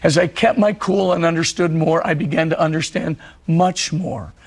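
Gravelly-voiced priest giving a spiritual talk. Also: male voice, a little high, fairly even intonation. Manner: storytelling, frequent "of course" fillers, slows for prayers.

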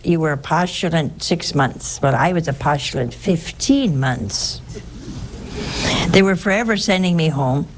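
A woman's voice: low voice, expressive, unhurried, a little hiss or hum. An older woman, a nun, telling personal stories in a rambling, anecdotal way with frequent restarts. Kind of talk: personal storytelling.

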